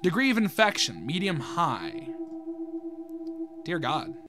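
A man with a high voice reads a horror comic aloud and drops casual reactions between the lines. Steady music plays under him throughout. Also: slow. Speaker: YouTuber.

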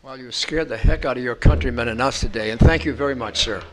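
A man moderating a luncheon talk, taking questions and closing the event in a brisk, formal way. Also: medium pitch, over loud music. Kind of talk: hosting announcements.

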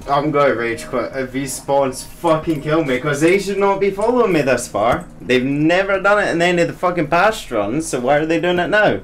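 A man's voice: a little high, animated, moderate pace, few pauses, a little hiss or hum. A man giving gameplay commentary while he plays, frustrated and swearing constantly between bursts of angry ranting. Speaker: gamer streaming a VR game.

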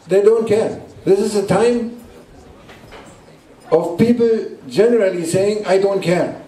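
A man, a Sufi sheikh, preaching to a gathering in halting English and repeating short emphatic phrases. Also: high-pitched, mellow. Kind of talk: sermon. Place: indoor gathering room at a guesthouse. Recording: roomy echo, distant mic.

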